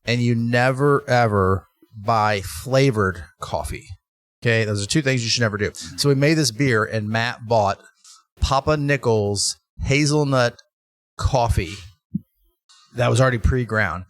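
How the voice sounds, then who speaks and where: A man who owns a brewery, talking in a casual interview and telling animated stories with lots of restarts. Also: mid-range voice, a little slow. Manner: animated storytelling with laughs and restarts. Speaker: brewery owner, guest.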